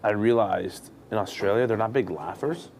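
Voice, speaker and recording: Profane, animated male comedian. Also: fairly low pitch, moderate pace, gravelly, slight background noise. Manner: candid, profane, animated storytelling. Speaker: touring comedian guest. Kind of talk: casual storytelling.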